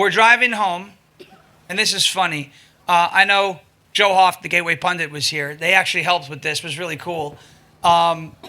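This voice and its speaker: A man with a high, sharply bright voice telling a funny story to a live crowd. He is animated and excitable, breaking into laughter mid-sentence, with faint background noise. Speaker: comedic speaker.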